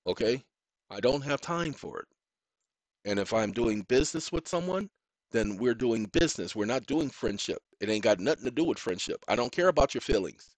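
A man's voice: medium pitch, no room sound, low-quality recording. Blunt, emphatic man lecturing. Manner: blunt, emphatic, lecturing, repeats phrases for stress; informal street-style speech. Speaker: self-help legal educator. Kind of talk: direct-to-camera lecture.

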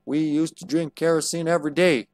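A man's voice: mid-range voice, moderate pace, no room sound, natural voice. A man voicing a teenage girl heroine with a folksy Southern drawl, spinning tall tales.

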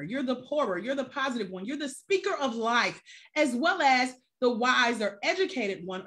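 Energetic woman life coach hyping up her live chat, voice bouncing up and down, slangy and preachy. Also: high voice. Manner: energetic, preachy, talks straight to viewers; casual slang, rhetorical questions. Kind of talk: live-stream coaching pitch.

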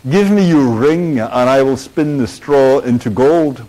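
A lecturer voicing a bargaining male imp from a fairy tale, speaking slowly and deliberately. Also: mid-range voice, warm tone, close to an everyday voice, poor audio.

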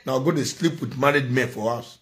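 A man with a Nigerian accent delivers a preachy vlog rant. He scolds and lectures, repeating words again and again to drive each point home. His voice sits at an ordinary, middle pitch. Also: fairly quick, fairly bright tone. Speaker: commentator. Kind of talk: ranting vlog commentary.

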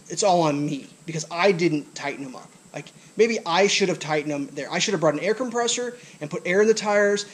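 Angry high-voiced man ranting outdoors. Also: slightly rough. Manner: swearing, frustrated, repeats himself. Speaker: vlogger. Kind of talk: angry rant to camera. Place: outdoors by a trailer.

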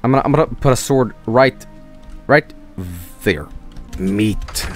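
A man's voice: medium pitch, unhurried, soft background music. A man from Sweden, casually commentating a video game, joking, swearing and putting on silly voices. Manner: jokey, profane, animated, puts on silly voices. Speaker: streamer.

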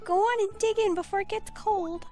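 A woman voicing a kindly, doting old granny who talks in a high, sing-song, fussing way. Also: steady tone, moderate pace, mellow, faint music behind.

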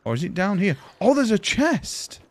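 A young man, chatting excitably and swearing as he streams a video game and thanks viewers. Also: high-pitched, normal speed, no room sound. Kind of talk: live gameplay commentary.

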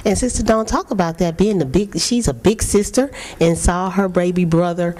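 A woman's voice: lowish voice, moderate pace, dark tone. A woman hosting a church talk show, asking her panel questions and answering them with frequent amens.

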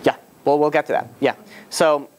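A rabbi leads an informal class, retelling a story in a conversational way, voicing the characters' lines and answering questions from students in the room. His voice sits a little high, with a steady tone and a moderate pace, and there's slight background noise.

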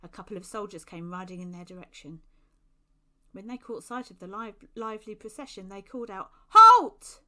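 Woman storyteller, expressive read-aloud, middle pitch. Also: fairly quick. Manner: expressive, lively storybook reading. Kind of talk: reading a children's book aloud.

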